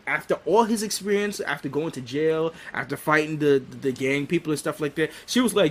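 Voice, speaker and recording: A man's voice: a little high, a little fast, few pauses. A man co-hosting a podcast, recapping a TV episode in a casual, slangy way, laughing often and restarting his sentences. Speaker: podcast co-host.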